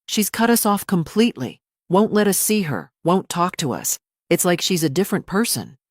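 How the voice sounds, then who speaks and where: A woman's voice: on the low side, sing-song, normal speed, no echo, clean studio sound, pitched above the performer's own voice. A woman reading as a tearful defensive daughter. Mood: pleading. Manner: pleading, voice breaking. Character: tearful defensive middle-aged daughter on witness stand.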